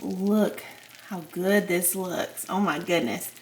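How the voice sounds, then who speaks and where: A woman's voice: lowish voice, fairly even intonation, slow, a little hiss or hum. A woman hosting a home cooking video, chatting casually to viewers and giggling often. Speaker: cooking channel host. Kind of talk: casual cooking demo chat.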